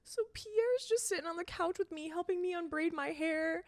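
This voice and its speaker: A woman's voice: extremely high pitch, moderate pace, no room sound. A young adult woman co-hosting a podcast, telling casual stories full of fillers and laughter. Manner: storytelling with loose fillers and laughter. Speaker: podcast co-host. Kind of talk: casual chat.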